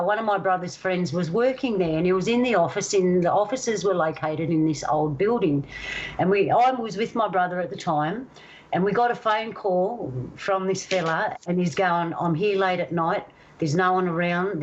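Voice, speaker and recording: A woman from Australia telling a personal story in a casual, animated way, acting out the voices of the people in it. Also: lowish voice, dull audio. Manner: animated, acts out voices in stories. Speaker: guest storyteller.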